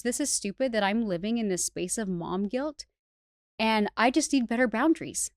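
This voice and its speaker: In clean studio sound with no echo, a woman with a fairly high, expressive voice speaks at a moderate pace. She's guesting on a podcast as a hairstylist educator, chatting candidly about her life with many "like" fillers and restarts.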